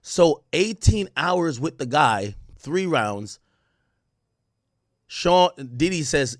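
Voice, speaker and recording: A man, animated and profane, reacting to news on a livestream and reading out testimony. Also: drawn-out words, pauses often, no room sound, studio quality. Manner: animated, swings from loud outbursts to low mutters; profane, reads court testimony aloud. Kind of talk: casual livestream commentary.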